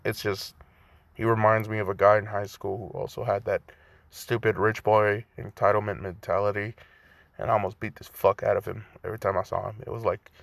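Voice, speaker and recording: A man's voice: lowish voice, flat delivery, brisk, vocal fry, no echo. A young man in his twenties casually rambling through a fan story retelling, profane and loose, full of fillers, at home by a cracked window.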